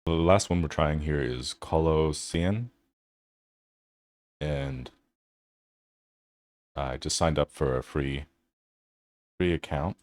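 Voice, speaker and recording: A man's voice: rumbling low, takes it slowly, pauses often, darkish tone, dry recording. A man hosting a tech channel, giving loose, casual commentary over his screen and thinking aloud with fillers.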